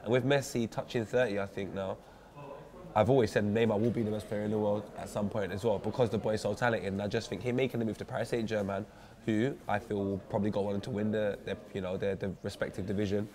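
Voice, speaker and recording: A man's voice: fairly low pitch, steady tone, fast, warm tone. A man co-hosting a casual football debate in an office, opinionated and full of street slang. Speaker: co-host.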